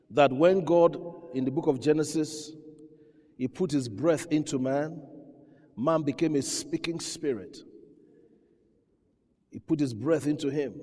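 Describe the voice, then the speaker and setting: A man preaching a sermon, dropping to a hush and then rising to loud, emphatic peaks while he acts out voices. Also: fairly high pitch. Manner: preaching with dramatic swings from quiet to loud, acting out quoted voices. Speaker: pastor. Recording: long hall reverb.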